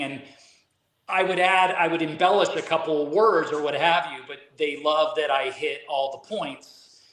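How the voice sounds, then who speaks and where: A man's voice: a little high, fairly bright tone. Easygoing man telling stories in a roomy space. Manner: easygoing storyteller, frequent "you know" fillers. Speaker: guest actor and drummer. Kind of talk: casual interview chat. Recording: roomy echo.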